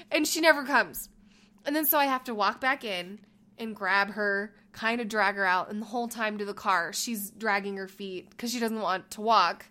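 A woman co-hosting a podcast, telling a story in a casual chat, animated and laughing, acting out the lines she quotes. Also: a little high, moderate pace. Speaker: podcast co-host.

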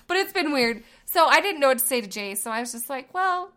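Bright high-voiced woman telling stories. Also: quick pace. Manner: animated storytelling, laughing often. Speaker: podcast co-host. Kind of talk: casual chat.

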